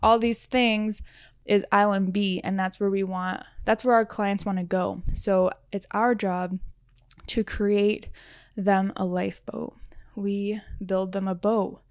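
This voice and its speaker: A woman's voice: medium pitch, steady tone, takes it slowly, dry recording. Earnest woman podcaster, dry close sound. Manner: earnest, reflective, frequent "like" fillers. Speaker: podcast host and riding coach. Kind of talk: solo podcast monologue.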